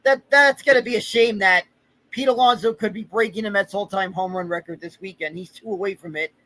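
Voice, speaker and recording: A man co-hosting a sports podcast in quick, frustrated casual chatter. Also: high voice, bright, forceful tone, rough recording. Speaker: podcast co-host.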